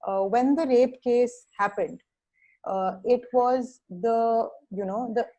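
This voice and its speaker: A young woman with an Indian English accent speaks as a criminal justice social worker, pausing often with fillers and restarts over a video call. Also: a little high, warm tone, highs cut off. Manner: halting, many fillers and restarts. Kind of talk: webinar talk.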